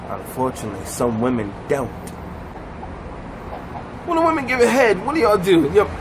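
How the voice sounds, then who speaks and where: A man giving a blunt comic rant to camera, animated and emphatic, sitting in a car. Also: background noise. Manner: animated, swooping pitch, drawn-out emphatic phrases. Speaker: vlogger.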